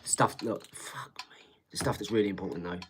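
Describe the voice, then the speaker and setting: A man's voice: low voice, steady tone, quick pace. A man hosts a casual home live stream. He rambles from topic to topic, speaks bluntly, swears freely and keeps talking straight to his viewers, with a faint hiss of noise behind him. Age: 40s. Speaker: livestream host. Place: home front room.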